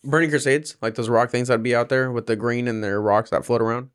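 A man's voice: mid-range voice, steady tone, brisk, clear, resonant tone, no room sound, studio quality. Easygoing man in casual gaming chat. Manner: easygoing, agreeable, casual swearing.

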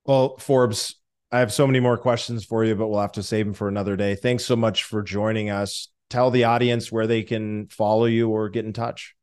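A man's voice: lowish voice, level tone, normal speed, darkish tone, clear, resonant tone. Podcast host man asking questions. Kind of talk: interview questions.

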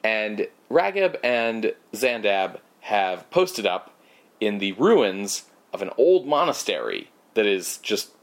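A man with a somewhat low voice co-hosts a casual podcast. He recaps a film plot in a rambling way, full of fillers and sarcastic asides. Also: big pitch swings, takes it slowly. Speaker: podcast co-host. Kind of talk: casual movie recap chat.

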